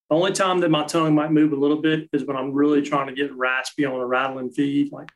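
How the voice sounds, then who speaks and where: A man's voice: a little high, poor audio. Easygoing man explaining call technique. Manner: practical, explains step by step with fillers. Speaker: guest, call maker.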